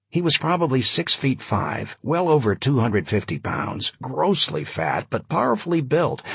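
Male narrator, vivid storytelling, husky, animated pitch. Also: dry recording. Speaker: audiobook narrator. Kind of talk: scripted narration.

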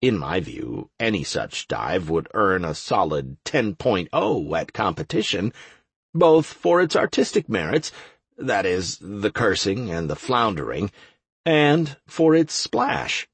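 A man narrating a first-person fantasy audiobook in a measured, wry manner with a husky voice. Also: on the low side, very animated, no echo.

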